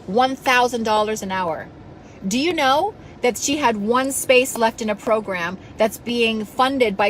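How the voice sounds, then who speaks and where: A woman's voice: a little high, slight background noise, low-quality recording. A woman coach giving a passionate, blunt motivational talk to her followers, scolding them now and then and swearing casually. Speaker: self-help coach.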